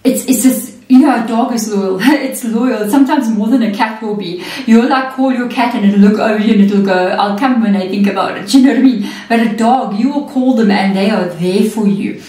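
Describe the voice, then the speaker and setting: A woman gives a chatty tarot reading in a slightly high, warm voice, speaking at a normal speed with few pauses. She keeps checking in with "okay" and "you know what I mean." The recording sounds echoey, with the mic placed at a distance.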